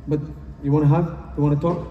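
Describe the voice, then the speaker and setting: Recorded from a distance in an echoey conference hall, this man delivers a motivational talk at a quick pace and a level tone. His voice sits a little high, and the audio is muffled with slight background noise. His delivery is earnest and repetitive, with phrasing that suggests he is not a native speaker.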